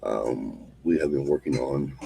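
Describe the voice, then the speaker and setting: A man hosting a solo show, calmly leading a repeated mantra and chatting casually. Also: extremely low pitch, creaky, a little hiss or hum, rough recording. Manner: calm, slow, repetitive chanting of phrases. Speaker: host.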